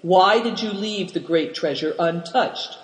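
A man's voice: high voice, measured pace, slight background noise. A man voicing a stern, commanding robber chief who speaks impatiently in clipped lines. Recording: roomy with long reverb.

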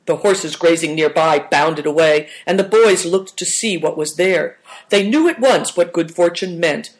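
Woman narrator, lowish voice, calm storybook reading. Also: measured pace.

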